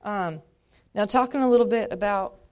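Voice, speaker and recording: Smooth-voiced woman giving rambling testimony. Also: mid-range voice, moderate pace, a little mellow. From Montana. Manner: rambling and conversational, with many fillers and acted-out asides. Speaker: speaker sharing her faith testimony. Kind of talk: casual spoken testimony to a church audience.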